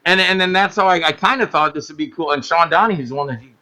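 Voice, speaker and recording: A man chatting casually in an interview, telling animated stories about making films, acting out quotes and swearing freely. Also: fairly high pitch, racing. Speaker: guest filmmaker.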